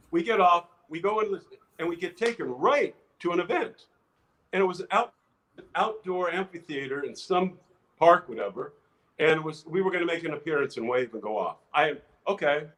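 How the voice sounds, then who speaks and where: Animated older man telling stories. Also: high-pitched, low-quality recording. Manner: animated anecdotes with many restarts. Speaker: interview guest, actor. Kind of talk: casual storytelling interview.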